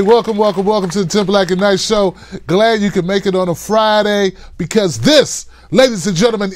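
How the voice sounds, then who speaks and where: A man hosting a live-stream call-in show, talking in a hyped, playful way and hollering shout-outs to viewers. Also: high-pitched, lively intonation, normal speed, a little hiss or hum.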